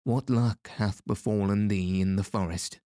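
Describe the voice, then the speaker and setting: A man's voice: lowish voice, fairly even intonation, a little slow, mellow, dry recording, clean studio sound, natural voice. A man voicing a cruel middle-aged male sheriff who speaks in a commanding, gloating way.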